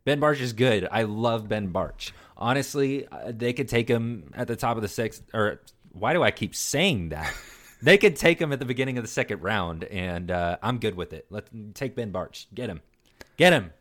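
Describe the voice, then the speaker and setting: A man with a very low voice talks in a casual podcast chat, growing excitable and gushing as he goes. He repeats words and phrases, stumbling over himself when he gets carried away. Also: normal speed. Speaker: podcast co-host.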